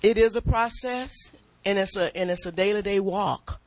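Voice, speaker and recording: A middle-aged woman giving a spirited church testimony and sermon, animated, often laughing and repeating her words as she preaches. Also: mid-range voice, normal speed, no echo.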